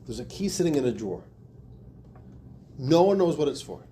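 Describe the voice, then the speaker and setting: A man's voice: mid-range voice, very animated, normal speed, mellow, a little hiss or hum. A man teaching a class as a rabbi, speaking expressively, acting out quotes and laughing often. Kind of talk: animated lecture.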